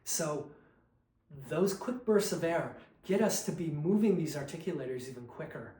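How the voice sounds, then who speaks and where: A man teaching a choral diction lesson, demonstrating consonant and sung syllable drills in a patient, unhurried way. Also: a little high, animated, dark tone, echoey room, low-quality recording. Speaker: vocal coach.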